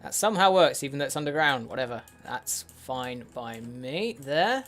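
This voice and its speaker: A man's voice: mid-range voice, expressive, moderate pace, fairly bright tone. A man giving casual game commentary as a let's play host, muttering to himself with wry, sweary asides. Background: faint in-game music.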